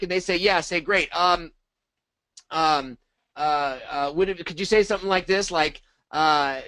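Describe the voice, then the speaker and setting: Brief: middle-aged man, high voice, dry close sound, animated coaching. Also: normal speed, no room sound, poor audio. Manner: animated, acts out sample dialogue. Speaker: co-host of a marketing training. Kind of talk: casual coaching talk.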